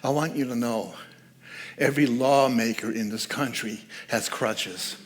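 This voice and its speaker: A man's voice: medium pitch, measured pace. A man speaking as guest speaker at a church service, giving a conversational, joking sermon and laughing at his own asides.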